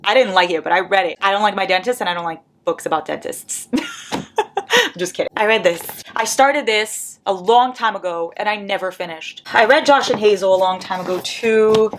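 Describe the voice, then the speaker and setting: A woman whose first language is Portuguese talks casually into her camera at home beside her bookshelves, counting books aloud and teasing herself along the way. Her voice sits at a middle pitch. A faint hiss runs under the recording. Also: fairly quick, hardly any pauses. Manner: chatty, counting books aloud with self-mocking asides. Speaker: book vlogger. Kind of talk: casual vlog.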